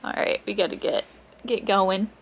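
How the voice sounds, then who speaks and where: A woman's voice: mid-range voice, very animated, moderate pace, creaky, fairly bright tone, slight background noise. A woman chatting casually as she walks around her farm, a bit out of breath, rambling and laughing now and then. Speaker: farm vlogger. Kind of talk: casual vlog chat. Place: outdoors on a farm.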